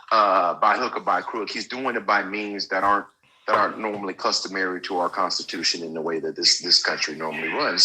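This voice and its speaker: A man on a call argues his side, stopping and restarting with plenty of fillers. His voice sits low but sounds very sharp and tense. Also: a little hiss or hum, rough recording. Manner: argumentative, halting with fillers. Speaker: caller. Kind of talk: casual debate on a call.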